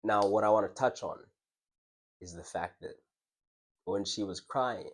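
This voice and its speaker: A young male vlogger with a fairly low, slightly slow voice casually tells his audience a personal story. He's reflective and conversational, frequently restarting his words and laughing.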